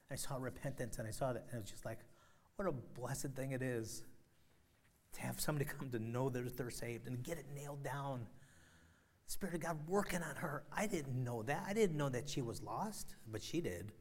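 A middle-aged man preaching from the pulpit in a voice of medium pitch. He delivers his sermon emphatically, swinging from loud rises down to soft, quiet drops. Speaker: pastor.

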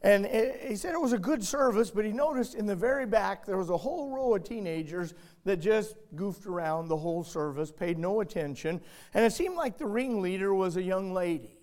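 A male pastor with a high, lifted voice preaches a sermon. He tells his story dramatically, rising to loud urgency and dropping to a hush. The delivery is animated and full of feeling. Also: brisk, few pauses.

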